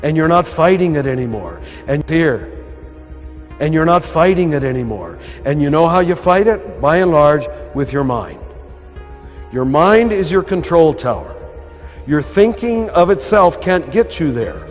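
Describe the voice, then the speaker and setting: An older American priest with a throaty voice, giving an earnest, conversational spiritual talk to a live audience. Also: male voice, on the high side, lively intonation, a little slow. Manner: earnest, conversational, chuckling now and then. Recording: live talk with long hall reverb and soft music behind. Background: soft lo-fi music.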